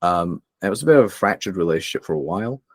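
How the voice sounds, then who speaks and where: A young man with a deep, husky, expressive voice speaks rapid-fire as a podcast guest, sharing candid personal stories with real emotion. He uses many fillers and restarts, and the studio-quality recording has no echo.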